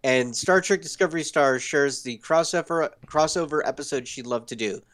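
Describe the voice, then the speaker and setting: A man's voice: fairly high pitch, moderate pace, a bit bright. A man co-hosting a podcast who runs through the news stories in an easygoing, agreeable way, with a lot of filler words. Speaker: podcast co-host reading news. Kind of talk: casual news rundown.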